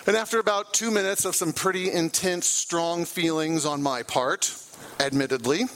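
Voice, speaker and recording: The voice is a middle-aged man's, on the high side, steady and a bit bright at normal speed, captured in a low-quality recording. A trauma therapist speaking as a church guest, he relates a personal story casually, using fillers and correcting himself.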